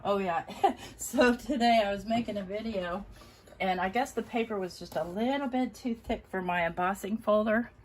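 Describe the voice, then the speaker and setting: A woman hosting a casual live crafting stream, chatty and self-deprecating, often laughing at herself. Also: medium pitch. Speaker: crafting channel host.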